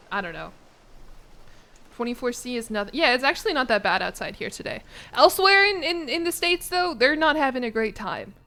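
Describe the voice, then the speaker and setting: A woman's voice: on the high side, bright, forceful tone. A young woman streamer chatting casually with her chat from her apartment, laughing often and swearing casually. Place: home apartment.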